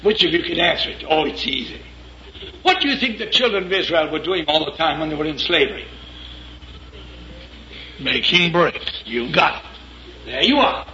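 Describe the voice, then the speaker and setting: A male minister telling a story in a sermon, animated and lively, slipping into acted voices. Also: a little high, normal speed, pauses often, a little hiss or hum. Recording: echoey lo-fi hall recording with audience.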